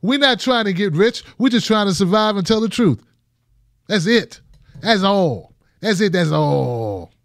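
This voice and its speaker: High-voiced emphatic male show host. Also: expressive, moderate pace, no room sound, clean studio sound. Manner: emphatic and repetitive, restarts phrases. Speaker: host of a political commentary show. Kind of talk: casual monologue to viewers.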